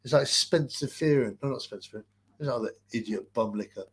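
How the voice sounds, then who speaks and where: A man's voice: medium pitch, fast, fairly bright tone, breathy edge. A man hosting a casual livestream, rambling crude gossip and reading out chat comments with lots of fillers.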